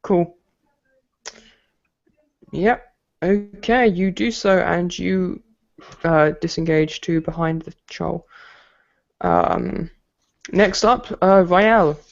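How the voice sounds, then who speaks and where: Slow-talking male game master, lo-fi. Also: high-pitched, gravelly. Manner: relaxed, hesitant, filler-heavy. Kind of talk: running a tabletop game. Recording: dull lo-fi home recording.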